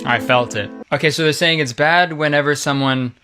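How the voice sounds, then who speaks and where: A man's voice: on the high side, brisk, pushed and bright, soft background music. A young man hosting comedic internet commentary, sarcastic and crude with lots of jokes.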